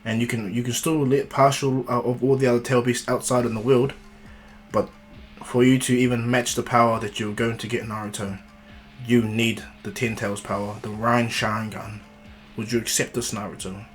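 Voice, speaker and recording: A wise, ancient sage speaks slowly and gravely, as a man reads him out in a middle-pitched voice, guiding a young hero like a proud father. Faint guitar music plays behind this fan-made storybook telling. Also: flat delivery, close to an everyday voice. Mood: calm.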